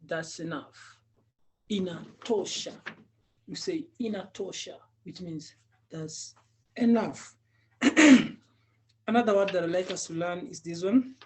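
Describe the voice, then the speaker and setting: A man's voice: sits high, takes it slowly, pauses often, darkish tone. A man teaching Swahili, patiently drilling each word many times and chuckling often. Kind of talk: language lesson drilling.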